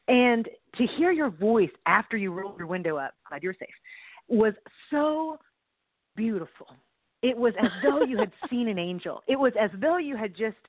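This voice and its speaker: A woman co-hosting a faith podcast, telling stories in a lively way and laughing often. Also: mid-range voice, no room sound. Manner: animated storytelling, laughs often. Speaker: podcast co-host. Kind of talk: casual faith chat. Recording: dry phone-like line.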